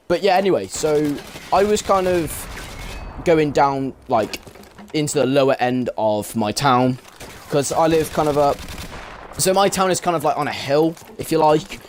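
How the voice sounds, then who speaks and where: Young man, rambling, swears a lot, casual storyteller, faint noise behind. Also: mid-range voice. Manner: rambling, swears often, leans on "like" fillers. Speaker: vlogger.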